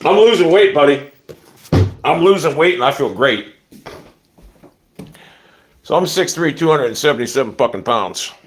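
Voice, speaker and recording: A middle-aged man rants into his phone outdoors, swearing freely and telling animated stories. His voice swings widely in pitch, rising high when he gets worked up. The talk is loose and unscripted, a livestream chat. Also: moderate pace, long pauses, a little hiss or hum. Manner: profane, blunt ranting; animated storytelling. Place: outdoors in a yard.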